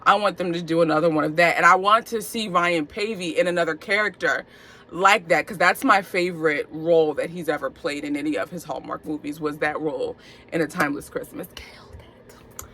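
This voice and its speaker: A young woman hosting her own movie review channel, talking in an animated, playful, chatty way and stretching words for emphasis. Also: low voice, fairly quick.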